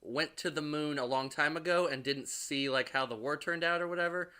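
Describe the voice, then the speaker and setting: A man rambles through a spoiler-filled movie recap, sarcastic and loose, leaning on fillers. His voice sits a bit high and sounds bright and sharp. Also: brisk, clean tone. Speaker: movie reviewer.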